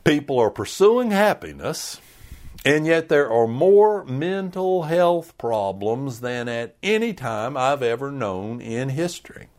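A man preaching a sermon to his church, slow and emphatic, sometimes dropping to a hush. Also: mid-range voice, big pitch swings. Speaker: pastor.

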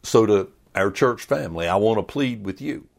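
A man preaching a sermon to his church, slow and emphatic, sometimes dropping to a hush. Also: on the low side, animated, vocal fry. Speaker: pastor.

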